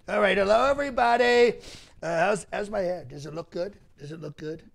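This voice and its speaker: A man's voice: high voice, brisk, creaky. A male comedian doing an impression of a boastful president, rambling and repeating himself in a mock press conference. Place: mock press room set.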